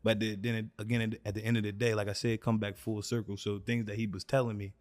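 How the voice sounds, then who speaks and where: Fast-talking low-voiced man, dry sound. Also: level tone, no room sound. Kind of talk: casual podcast conversation.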